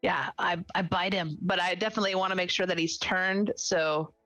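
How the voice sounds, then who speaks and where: A woman's voice: lowish voice, steady tone, moderate pace, fairly bright tone, no echo, muffled recording. A woman playing a tabletop game, talking in a playful, gleeful way. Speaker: player. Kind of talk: casual tabletop role-play.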